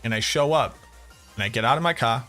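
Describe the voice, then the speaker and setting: A man with a Boston accent chatting casually on a game stream, telling animated stories and swearing freely. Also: mid-range voice, brisk, faint music behind. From Boston area, USA. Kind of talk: casual live-stream chat.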